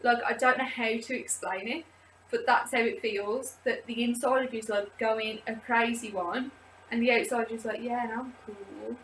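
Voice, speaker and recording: Woman, chatty vlog talk, slightly high voice, sits back from the mic in a roomy space. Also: fairly even intonation, normal speed, fairly bright tone. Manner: chatty and rambling, many "like" fillers. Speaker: vlogger leading a support group video. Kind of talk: casual personal talk to camera. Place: indoors, seated. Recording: roomy echo, distant from mic, faint background noise.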